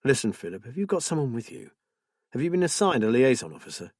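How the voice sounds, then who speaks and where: A man voicing a calm, husky, reassuring man. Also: medium pitch, quick pace, no room sound, studio quality. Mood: sombre. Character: steady, comforting man whose wife is ill.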